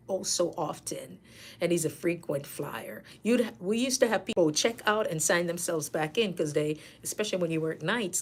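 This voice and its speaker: A middle-aged woman host telling casual, animated stories from her nursing work, laughing and acting out patients' lines. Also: fairly low pitch, breathy edge. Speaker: nurse coach and channel host. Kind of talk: casual storytelling.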